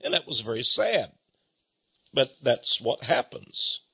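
A man preaching a sermon, emphatic and deliberate with drawn-out stresses, on a dull lo-fi recording. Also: mid-range voice, big pitch swings, sharp tone, breathy edge, dry recording. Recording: dull lo-fi sound.

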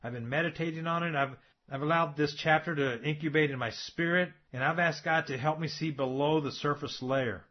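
A man's voice: on the high side, fairly quick. A man preaching a sermon, emphatic and asking rhetorical questions of his listeners. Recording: dull lo-fi recording.

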